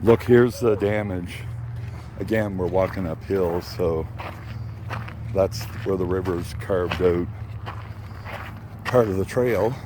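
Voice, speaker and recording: Older guy filming a park walk, low voice, huffing and puffing, chatty. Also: slow pace, long pauses, background noise. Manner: chatty, panting between phrases, apologetic, laughs often. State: out of breath. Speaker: vlogger. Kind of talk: casual walking vlog. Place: outdoor park trail by a lake.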